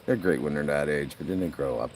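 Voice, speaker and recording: Deep-voiced guy livestreaming by a lake. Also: quick pace, a little mellow, recorded from a distance, a little hiss or hum. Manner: laughs a lot, rambling storyteller. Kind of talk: casual live-stream chat. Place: outdoors by a lake. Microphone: phone.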